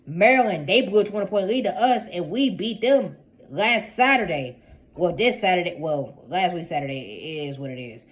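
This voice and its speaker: A man's voice: high voice, lo-fi sound. A young man giving an exasperated, repetitive fan rant about his team, heavy on slang. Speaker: sports fan commentator.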